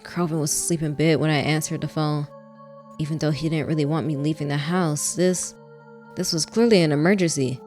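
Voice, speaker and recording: A woman hosting a let's play, reading a visual novel in the first person, softly, with casual asides. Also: sits low, fairly even intonation, fairly quick, soft background music.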